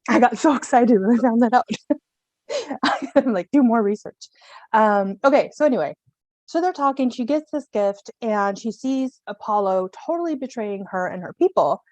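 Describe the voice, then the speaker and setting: Panelist, woman, lively slangy storyteller, dry close sound. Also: on the high side, normal speed, no room sound. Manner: animated, slangy, jokey retelling with voices. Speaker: mythology panelist. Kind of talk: casual storytelling.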